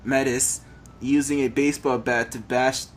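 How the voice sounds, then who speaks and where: A man's voice: medium pitch, steady tone, moderate pace, a little hiss or hum. A man reading a text adventure game aloud, stumbling over words and adding joking asides.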